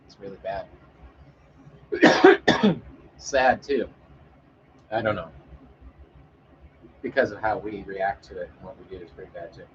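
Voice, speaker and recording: A man's voice: low-pitched, measured pace, long pauses, dull audio, a little hiss or hum. A man chatting casually with an audience as a streamer, rambling and joking with frequent swearing and fillers.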